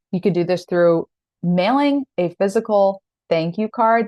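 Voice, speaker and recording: Woman in her thirties, masterclass teacher, earnest and encouraging, mid-pitched voice, dry close sound. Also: no room sound. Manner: earnest, direct, encouraging, with animated quoted asides. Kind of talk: live online masterclass teaching.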